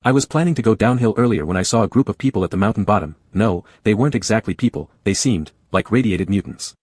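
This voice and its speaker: Male narrator voicing a petulant young man from the shelter, husky and dry-voiced. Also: on the low side, fast, a little mellow, dry recording. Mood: explaining. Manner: petulant, hurt.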